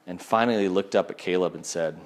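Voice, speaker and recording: A man with a somewhat low voice tells a story from the pulpit. He is lively and animated, and he slips into the voices of the people in the story. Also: a little fast. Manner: animated storyteller who acts out quoted people. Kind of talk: sermon storytelling.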